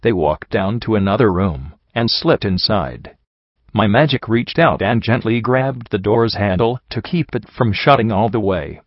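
A man narrating a first-person story in a steady reading voice. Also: lowish voice, measured pace, no room sound, lo-fi sound.

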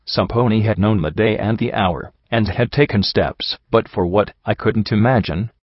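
A man giving measured, somber first-person audiobook narration. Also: lowish voice, slightly rough, no echo, highs cut off.

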